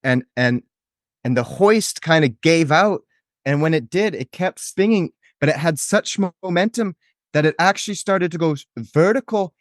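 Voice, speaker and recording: A man's voice: on the high side, animated, moderate pace, no room sound, studio quality, natural voice. A man voicing a shocked, foul-mouthed neighbor witness, rambling and repeating himself. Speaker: podcast co-host. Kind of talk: improvised comedy sketch.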